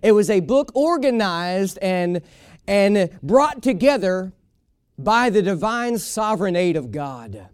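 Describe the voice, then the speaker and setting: A man's voice: sits high, sing-song, takes it slowly, smooth, dry recording, studio quality. A man preaching a sermon as a pastor, emphatic and folksy, repeating his key lines for weight.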